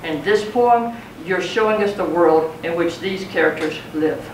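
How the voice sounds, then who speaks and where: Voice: mid-range voice, unhurried. Poetry teacher, chatty lecture style, distant mic in a reverberant classroom. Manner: conversational, checks in with students. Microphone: far from speaker. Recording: roomy classroom, mic far off, faint noise.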